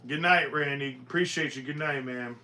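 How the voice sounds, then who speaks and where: Dude on a live stream going off, swears a lot, rambles, sharp bright voice. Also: male voice, medium pitch, normal speed, faint music behind. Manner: profane, blunt, rambling. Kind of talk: casual live stream rant.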